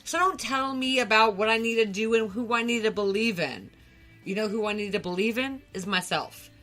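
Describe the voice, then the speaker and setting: A woman's voice: mid-range voice, moderate pace, a bit bright, soft background music. A woman from the United States co-hosting a podcast, talking in a heated, profane, emphatic way. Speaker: podcast co-host. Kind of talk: angry rant on a podcast.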